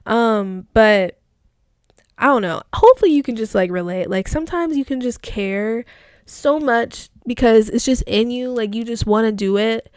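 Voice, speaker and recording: A young woman talks through a casual solo podcast in a chatty, reflective way, leaning on fillers as she muses. Her voice is smooth and clear, close to the mic in a dry, dead room. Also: a little high, moderate pace, no room sound. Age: young adult. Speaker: podcast host. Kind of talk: casual solo podcast, reading old posts aloud.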